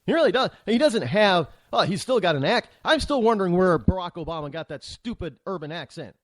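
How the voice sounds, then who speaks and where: A man's voice: high-pitched, expressive, a little fast, a bit bright, dry recording. A man hosting a talk show, delivering a heated, opinionated political monologue that rambles with frequent restarts.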